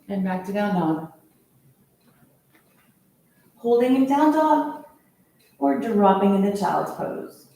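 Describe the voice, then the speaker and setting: A woman leading a yoga class, calmly cueing each pose in time with the breath. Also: mid-range voice. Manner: calm, steady cueing of poses with the breath. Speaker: yoga instructor. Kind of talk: guided yoga class instruction. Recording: very echoey room, voice from far off.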